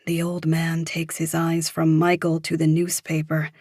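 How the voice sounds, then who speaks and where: A woman narrating a psychological thriller audiobook in a steady, measured storytelling voice. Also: low voice, no room sound, clean studio sound.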